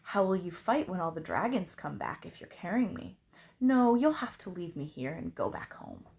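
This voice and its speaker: A woman voicing a polite, quick-witted young princess in a storybook. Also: on the low side, sing-song, creaky, a little mellow.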